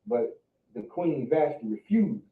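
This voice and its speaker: A man in a Bible class reading scripture aloud in a steady, plain manner. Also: medium pitch, measured pace. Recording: echoey room, distant phone-like mic.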